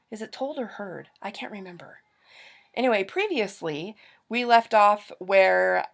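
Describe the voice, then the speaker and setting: Chatty young woman with a gravelly edge. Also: medium pitch. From Utah. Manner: chatty, rambling, many fillers and restarts. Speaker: vlogger. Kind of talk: casual storytelling to camera.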